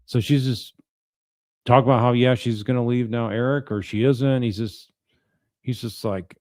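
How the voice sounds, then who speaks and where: Man, attorney, casual trial commentary, wry, conversational, dark warm tone. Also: mid-range voice, fairly even intonation, normal speed, dry recording. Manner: wry, conversational, reads out messages then reacts.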